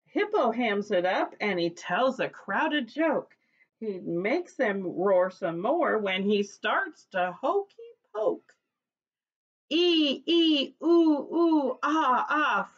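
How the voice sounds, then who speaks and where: A woman's voice: medium pitch, very animated, takes it slowly, fairly bright tone, slightly rough, dull audio. A woman preschool teacher reading a picture book aloud to young children, with a cheerful sing-song voice that leads call-and-response chants.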